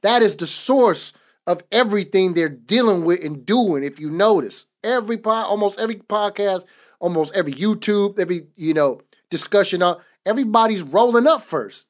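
A man's voice: high voice, animated, normal speed. A man on a podcast giving a casual, emphatic faith testimony in a repetitive, preaching cadence. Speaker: podcast co-host.

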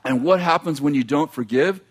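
A man preaching a sermon, reading scripture aloud and breaking off into quick, animated asides to the congregation. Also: on the high side, husky.

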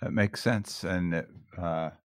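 A man hosting a podcast interview, speaking in a measured, hesitant way. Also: low-pitched, dry recording, clean studio sound. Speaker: podcast host.

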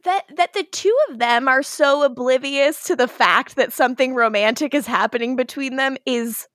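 A woman's voice: high voice, normal speed, fairly bright tone, no room sound, studio quality. A woman co-hosting a podcast, recapping an episode in casual chat, laughing often and acting out quotes playfully. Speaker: podcast co-host.

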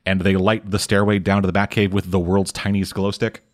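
A man casually recapping a comic book on a podcast, rambling and swearing often, with dry, deadpan asides. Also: low-pitched, fairly quick. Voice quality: rambling, profane, deadpan summary. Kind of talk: casual chat.

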